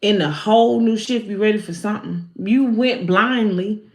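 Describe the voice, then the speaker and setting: A patient, testing God who speaks calmly and coaxes the listener along, as a woman puts him on in her own voice. He talks in an instructive, unhurried tone. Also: mid-range voice, natural voice.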